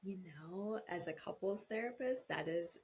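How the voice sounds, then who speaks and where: A woman speaking as a couples therapist in an interview, explaining calmly and acting out voices in quoted examples. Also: unhurried, a little hiss or hum. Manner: explanatory, acts out voices in quotes with big pitch jumps. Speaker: couples therapist, podcast guest. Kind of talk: conversational interview answers.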